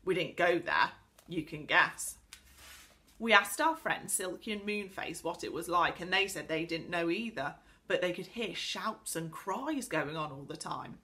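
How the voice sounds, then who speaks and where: A confident young boy who enjoys his friend's surprise, as a woman reads him. He sounds knowing and teasing, with a lively, bright voice. This is a storybook voice. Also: lowish voice, unhurried.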